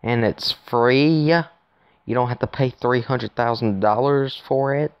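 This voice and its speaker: A man's voice: medium pitch, a little slow, smooth, no echo, highs cut off. A man giving rambling, casual commentary to his viewers while playing a phone game, recorded on his phone. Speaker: gaming YouTuber.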